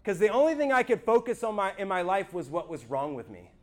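A man with a high voice shares his church testimony with a small group. He speaks earnestly and with animation, and he keeps asking his listeners whether they follow him. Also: big pitch swings, fast talker.

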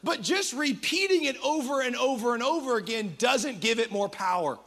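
A man preaching a sermon as a pastor, energetic and humorous, with quick conversational asides. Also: very high voice.

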